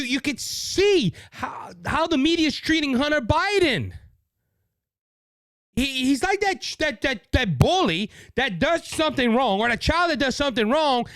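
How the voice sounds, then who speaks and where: A man's voice: very high voice, a bit bright, dry recording, clean studio sound. A man with a Cajun Louisiana accent hosting a political talk show, delivering indignant, mocking commentary with many repetitions.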